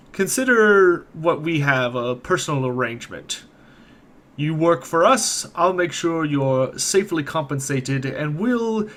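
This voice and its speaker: A man's voice: a little high, fairly bright tone. Man playing a sly scheming city official. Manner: measured, insinuating.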